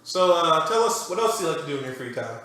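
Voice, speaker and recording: A man's voice: on the high side, very animated, quick pace, fairly bright tone. A young man hosting a comedic interview with playful, hammy show-host banter. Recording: echoey room with faint noise.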